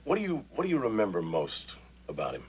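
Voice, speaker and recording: A man's voice: on the low side, wildly swooping pitch, fast talker, rough recording. An actor playing a friendly, easygoing male radio disc jockey in his studio booth, chatting and coaxing a young fan. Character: genial male radio DJ, middle-aged, relaxed and kind. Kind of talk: 1950s radio drama film acting. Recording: film soundtrack with loud background noise.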